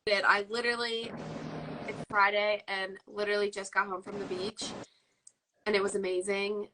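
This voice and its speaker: An upbeat woman co-hosts a live stream, chatty and bright despite being congested. She comes through a video call with clear static hiss behind her voice, at a middle pitch. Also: level tone, moderate pace. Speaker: co-host. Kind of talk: casual live-stream chat.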